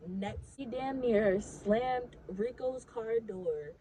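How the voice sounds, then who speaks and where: A woman's voice: on the high side, very slow, warm tone, slight background noise, poor audio. A young woman telling a casual story to her vlog audience. She talks animatedly, swears freely and fills her sentences with "like".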